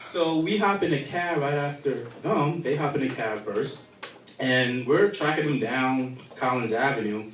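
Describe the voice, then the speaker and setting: A man's voice: mid-range voice, expressive, unhurried, slight background noise. A young man doing a crude, rambling stand-up set full of fillers at a live comedy show in a bar. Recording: echoey room from far off.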